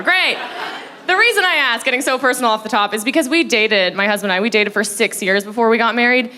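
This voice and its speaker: A young woman doing a stand-up set on stage, telling stories with giggles and mouth sound effects. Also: fairly high pitch. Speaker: stand-up comedian. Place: comedy festival stage before a live audience. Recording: live stage recording with crowd laughter and noise.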